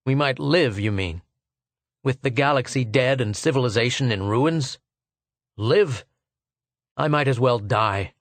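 A man's voice: medium pitch, measured pace, pauses often, no room sound, close to an everyday voice. A man voicing a grim, proud male archaeologist who presses with urgent, demanding questions in a dry recording.

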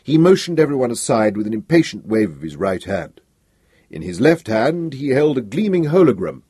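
A man narrates an audiobook with an expressive, dramatic delivery. His pitch swings widely and his voice has a husky grain. The recording is dry and close to the mic. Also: moderate pace, no room sound.

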